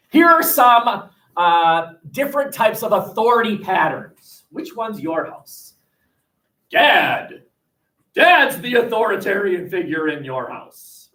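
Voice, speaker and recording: Lively teacher in an echoey classroom. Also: male voice, sits high, recorded from a distance. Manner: lively, joking, asks the class questions. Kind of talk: classroom lecture.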